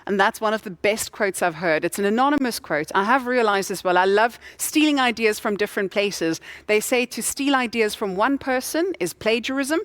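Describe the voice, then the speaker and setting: A woman's voice: mid-range voice, lively intonation, moderate pace, few pauses, dry recording. A woman in her thirties from Cape Town, hosting an awards event with a chatty, playful, storytelling delivery. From Cape Town, South Africa. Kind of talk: stage hosting speech.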